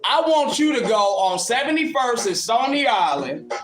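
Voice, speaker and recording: A man's voice: extremely high pitch, very animated, normal speed, echoey room, music in the background. A man hosting a livestream, taunting and mocking a commenter in a combative rant. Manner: taunting, mocking, combative, laughs at his critic. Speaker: livestream host answering commenters. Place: in Ohio.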